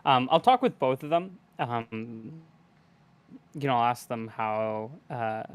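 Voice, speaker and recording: A man playing in a tabletop game, thinking out loud with a lot of "um" and restarts. His voice sits at an ordinary middle pitch. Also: expressive, slow, clean tone. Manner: hesitant, rambling, laughs often. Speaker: player. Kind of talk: casual tabletop game play.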